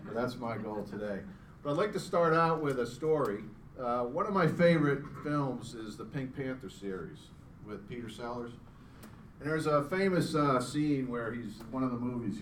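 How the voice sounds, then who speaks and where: Middle-aged man pitching in a roomy hall. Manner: chatty and self-deprecating, joking with the crowd. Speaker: startup founder presenting. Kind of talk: live pitch presentation to an audience. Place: event room with an audience. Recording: roomy sound from a distance, faint background hum.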